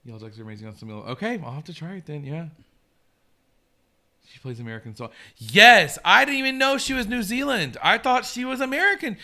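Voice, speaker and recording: A man's voice: high voice, animated, a little fast, pushed and bright. A man hosting a casual live stream, chatting eagerly and reacting to viewer comments. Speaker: host.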